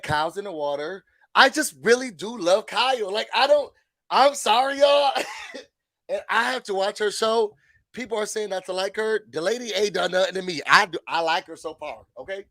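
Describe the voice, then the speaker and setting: A man giving a chatty, animated recap of a reality show, acting out what people said. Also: sits high, moderate pace, no echo. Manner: chatty, animated, acts out quotes.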